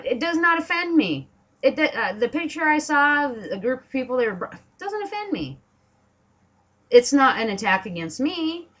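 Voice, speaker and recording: Dogs bark in the background as a Washington State political vlogger rants furiously and profanely from her home, mimicking others with sarcastic quotes. She speaks on the high side with a fairly bright tone, and the top end of the audio is clipped.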